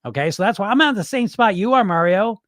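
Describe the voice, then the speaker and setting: A man's voice: sits high, expressive, quick pace, fairly bright tone, dry recording, studio quality. A man coaching weight loss in a casual livestream Q&A, blunt and loose, swearing now and then and checking in with "right?".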